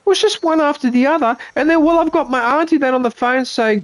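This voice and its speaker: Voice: high-pitched, fairly quick, hardly any pauses, no room sound. An Australian livestreamer ranting casually, swearing freely and exasperated, and checking in with "right?" over and over. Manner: profane, exasperated, keeps asking "right?".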